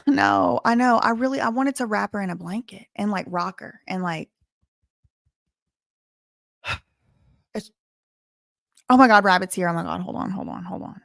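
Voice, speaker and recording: A woman with a Southern American accent chats through a livestream in a loose, thinking-aloud way. Her voice sits at a middling pitch. The sound is close and dry, with no room around it. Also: very animated, moderate pace, creaky, long pauses, fairly bright tone, dry recording. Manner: chatty, thinking aloud with many fillers. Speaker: livestream host. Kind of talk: casual livestream commentary.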